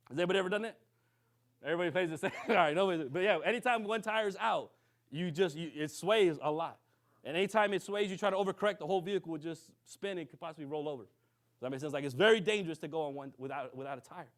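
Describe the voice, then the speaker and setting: A man preaching to a congregation. He tells a story with lively, acted-out dialogue and keeps checking in with his listeners. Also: on the high side, quick pace. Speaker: minister. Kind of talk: sermon storytelling.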